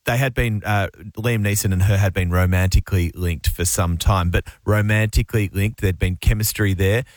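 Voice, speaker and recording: A man's voice: sits low, fairly even intonation, normal speed, no room sound. A man co-hosting a radio show, teasing and gossipy. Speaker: radio co-host. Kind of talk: casual radio banter. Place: radio studio. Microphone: studio microphone.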